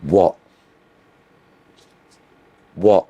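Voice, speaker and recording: A man with a Liverpool accent, an interview guest telling his story in a lively, animated way, swearing freely. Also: very slow, muffled recording. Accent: Liverpool (Scouse). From Liverpool, England. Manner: animated, swears freely, mimics other voices.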